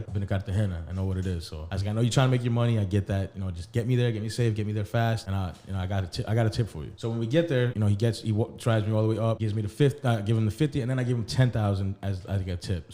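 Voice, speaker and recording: Dude rambling thru a story on a podcast, cursing a lot, quick and kinda low. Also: male voice, dark tone. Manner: rambling, profane, acts out quotes. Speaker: podcast co-host. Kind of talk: casual storytelling chat.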